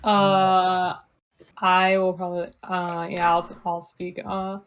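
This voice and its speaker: A woman's voice: lowish voice, flat delivery, slow pace. A woman speaking in character in a tabletop game, hesitant and apologetic, with many fillers. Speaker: player.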